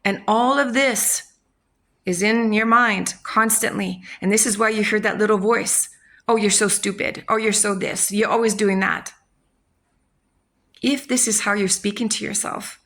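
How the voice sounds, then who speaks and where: A woman's voice: mid-range voice, gravelly, a bit bright. A woman hosting a self-help channel, speaking in a frank, casual motivational talk, swearing freely and acting out people's inner voices.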